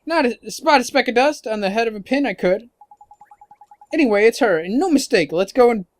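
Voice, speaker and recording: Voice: medium pitch, lively intonation, a little fast, voice pushed up, close to an everyday voice. A gamer voicing a cheeky, brash male fairy companion while reading a game's dialogue aloud, full of slang. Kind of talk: let's-play dialogue read aloud.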